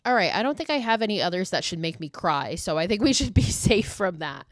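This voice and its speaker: A woman's voice: on the low side, expressive, fairly quick, no room sound, studio quality. A woman hosting a podcast solo, talking casually and emotionally, gushing and swearing freely. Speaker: podcast host.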